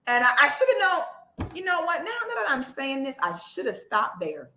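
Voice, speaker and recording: A woman vlogger telling a story in a casual, comic way, animated, with loud exclamations and cursing, speaking straight to her viewers. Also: sits high, normal speed, a little hiss or hum. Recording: echoey room.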